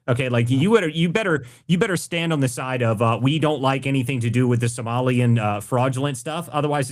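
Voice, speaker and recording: A man hosting a live political audio chat, blunt and mocking, swearing freely about politicians. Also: mid-range voice. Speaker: host.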